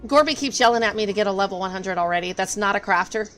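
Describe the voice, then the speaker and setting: A woman's voice: medium pitch, fast, a bit bright, soft background music. A woman chatting casually while streaming a game, chatty and easily amused. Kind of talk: casual gameplay chat.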